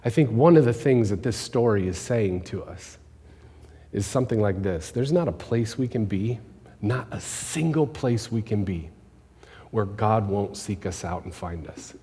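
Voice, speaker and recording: A man preaching a conversational sermon, asking the congregation questions and dropping his voice low for emphasis. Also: a little slow, warm tone, breathy edge. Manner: conversational preaching, rhetorical questions, drops to near-whisper for emphasis. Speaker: pastor. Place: church sanctuary. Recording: long hall reverb.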